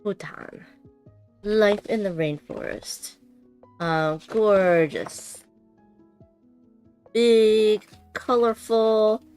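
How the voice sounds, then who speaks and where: A woman's voice: mid-range voice, drawn-out words, long pauses, a little mellow, clear, resonant tone, faint music behind. A woman chatting casually and giggling as she unboxes a board game on a stream, thinking aloud as she goes.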